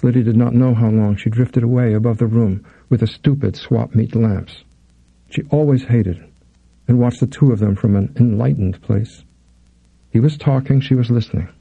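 A man reading a thriller as an audiobook narrator, in measured, intense storytelling. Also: medium pitch, creaky, slightly rough, no echo, narrow, tinny audio. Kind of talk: scripted narration.

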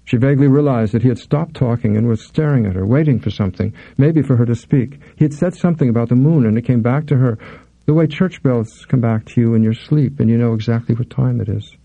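A man reading a thriller as an audiobook narrator, in measured, intense storytelling. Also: medium pitch, vocal fry, dry recording, phone-quality sound. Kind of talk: scripted narration.

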